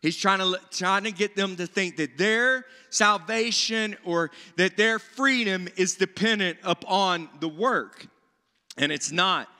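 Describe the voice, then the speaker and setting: A man preaching a sermon in a church, animated, with rising emphasis and paraphrased voices of biblical people. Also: fairly high pitch. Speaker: pastor. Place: church sanctuary. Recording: church hall reverb.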